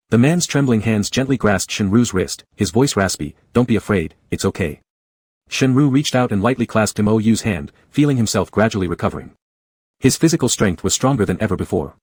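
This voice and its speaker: A man narrating a story in a steady, scripted reading style. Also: fairly low pitch, husky, no room sound. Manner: steady, fast-paced reading.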